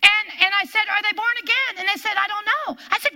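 Older lady preaching hard, high bright voice, hammers the same phrases over and over. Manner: emphatic, repeats key phrases, drawn-out stresses. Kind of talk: sermon.

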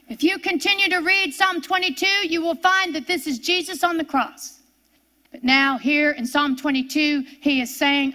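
A woman preaching a sermon, reading scripture aloud with rising passion and dropping to slow, hushed tones for solemn points. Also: high-pitched.

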